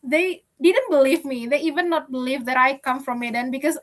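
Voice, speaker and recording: A young woman from Indonesia telling a personal story in a class discussion, speaking haltingly with frequent restarts. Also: high-pitched, a bit bright. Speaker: student.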